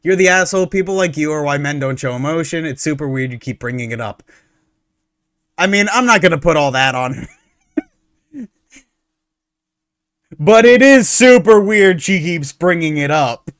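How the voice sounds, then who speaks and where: A male streamer talking through online posts in a lively, sarcastic rant. His voice sits a little high for a man, and the sound is dry and close with no room echo. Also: normal speed, long pauses. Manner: animated, sarcastic, opinionated ranting. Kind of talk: casual reaction commentary.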